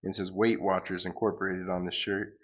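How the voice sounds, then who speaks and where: A man's voice: low voice, level tone, brisk, lo-fi sound. A man hosting a comic reading, giving casual commentary with amused, chuckling asides. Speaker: comic book reader and channel host. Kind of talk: casual read-aloud commentary.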